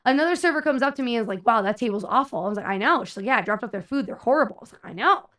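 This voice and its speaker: A young adult woman streamer telling a story in casual chat, animated and exasperated, acting out the people she quotes. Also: a little high, rapid-fire.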